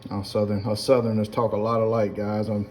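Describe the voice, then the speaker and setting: A middle-aged man with a South Louisiana accent cooks at home and chats with viewers in a folksy way, calling them "guys" again and again. He speaks a little fast in a lowish, level, slightly mellow voice. The casual demo has pots and utensils clinking plus a little hiss or hum.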